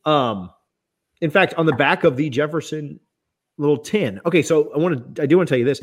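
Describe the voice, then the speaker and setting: A man's voice: on the high side, brisk, husky. A man hosting a casual bourbon review chat, teasing his co-host playfully and reading labels aloud.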